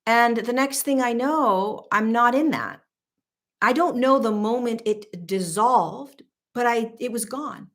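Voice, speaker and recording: A woman's voice: fairly high pitch, fairly bright tone. A woman in her thirties, a spiritual teacher, talking casually and animatedly, acting out her own inner voice with frank, mild swearing. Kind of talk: casual talk to camera.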